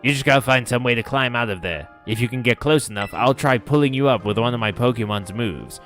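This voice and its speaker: A man's voice: medium pitch, brisk, a bit bright, faint music behind, lightly acted. Eager teen girl companion from a video game, read aloud by a man, earnest and plain, with a hint of an accent. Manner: reads on-screen game dialogue aloud, slipping into an accent.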